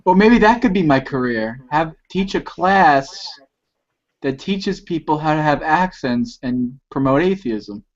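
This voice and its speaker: A man's voice: a little high, lively intonation, unhurried. Joking man on a muffled video call. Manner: teasing, joking. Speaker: participant in an online chat. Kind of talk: casual joking group chat.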